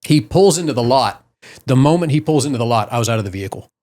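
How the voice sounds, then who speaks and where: A middle-aged man telling a long comic story on a casual podcast, his voice jumping up into loud yelps when he quotes himself. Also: medium pitch, animated, quick pace. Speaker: podcast co-host.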